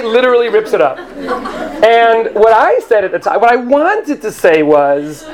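A man's voice: high voice, sing-song, takes it slowly, crowd noise. A man telling a comic story on stage into a handheld microphone, rambling and self-deprecating, often jumping into put-on voices.

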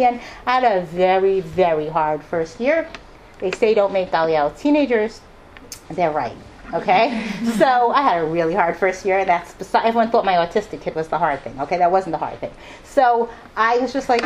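Animated woman telling a story. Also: medium pitch, fairly quick, a little hiss or hum. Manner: animated, acts out quoted voices. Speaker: speaker addressing an audience. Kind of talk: personal storytelling talk.

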